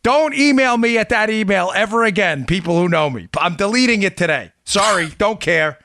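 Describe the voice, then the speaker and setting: A man hosting a political talk show, talking in an animated, exasperated, ranting way. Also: high-pitched, moderate pace, dry recording, studio quality. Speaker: radio show host.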